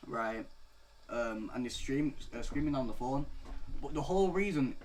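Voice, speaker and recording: A young man in his late teens telling a story-time rant, rambling and profane, tagging "bro" onto nearly every phrase and swinging from mutters to loud outbursts. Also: mid-range voice, expressive, moderate pace, slight background noise. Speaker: vlogger.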